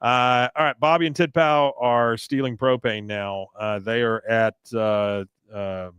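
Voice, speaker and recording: A man co-hosting a casual talk show, retelling a cartoon episode in an animated way and popping into high character voices. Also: unhurried, clear, resonant tone, no room sound, lo-fi sound. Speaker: podcast co-host recapping a cartoon episode.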